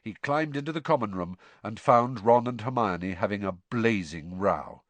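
A man reading a novel aloud in measured storytelling narration. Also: on the low side, no echo. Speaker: audiobook narrator. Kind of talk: scripted narration.

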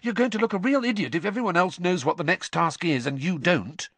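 High, indignant teenage schoolgirl, sharp and scolding, a man doing the voice. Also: brisk, dry recording. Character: bossy clever teenage schoolgirl.

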